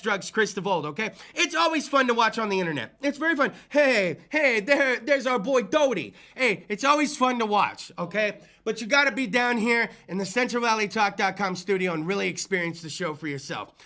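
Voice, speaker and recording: A man's voice: lively intonation, fairly quick, hardly any pauses, bright, forceful tone. A man hosting a small-studio talk show, rambling in hyped, profane banter. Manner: rambling, hyped, swears freely, slips into goofy low voices. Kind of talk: loose, profane live call-in show banter.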